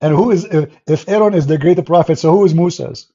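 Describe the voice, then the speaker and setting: Scornful husky man with broken English. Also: fairly high pitch, brisk, warm tone, highs cut off. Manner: scornful, emphatic, laughs and jeers often; non-native English with broken grammar. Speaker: religious debater. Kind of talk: mocking polemic commentary.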